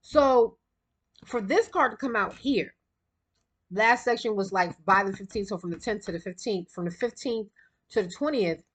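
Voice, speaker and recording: A woman's voice: mid-range voice, a bit bright, slightly rough. Chatty, breathless woman reading cards. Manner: chatty, rambling, quick bursts of laughter. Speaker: tarot card reader. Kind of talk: casual spiritual card reading.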